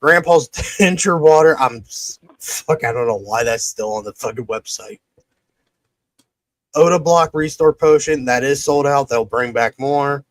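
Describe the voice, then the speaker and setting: A man's voice: medium pitch, measured pace, no echo. A man hosting a podcast, reading a sponsor plug in a rambling, casual way, swearing and tripping over his words. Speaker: podcast host.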